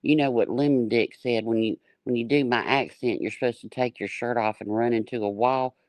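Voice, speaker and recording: A woman's voice: extremely low pitch, steady tone, a little fast, darkish tone, no room sound. Sex: woman. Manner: blunt, brash talk. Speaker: panel guest. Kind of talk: casual livestream chat.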